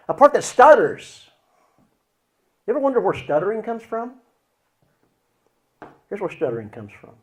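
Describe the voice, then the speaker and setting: A man teaching as a Christian counselor, explaining with acted examples and swinging between loud and hushed delivery. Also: fairly high pitch.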